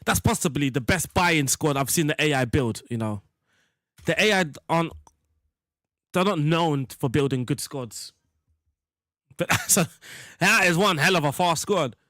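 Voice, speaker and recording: A man's voice: a little high, expressive, measured pace, long pauses, bright, forceful tone, dry recording, studio quality. A young man giving rambling, jokey commentary while playing a football management game. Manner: rambling, jokey, talks to chat. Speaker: gaming streamer. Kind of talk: casual gameplay commentary.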